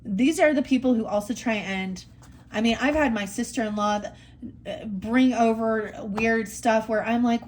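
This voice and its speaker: A woman's voice: on the high side, normal speed, a little hiss or hum. A middle-aged woman giving a casual tarot reading, blunt and frustrated, rambling and swearing freely. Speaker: tarot reader.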